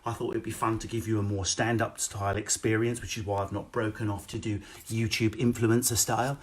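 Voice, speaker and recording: Brash male stand-up, quick and sweary, animated storyteller, streaming from home on a webcam. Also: fairly low pitch. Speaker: stand-up comedian. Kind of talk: live-streamed stand-up set. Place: home, indoors. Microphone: phone or webcam.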